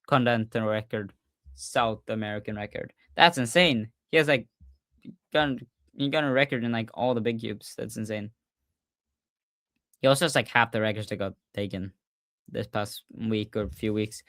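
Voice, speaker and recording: A man hosting a casual livestreamed podcast, talking excitedly and often restarting his sentences with fillers. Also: lowish voice, moderate pace, pauses often, no echo, studio quality. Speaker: podcast host.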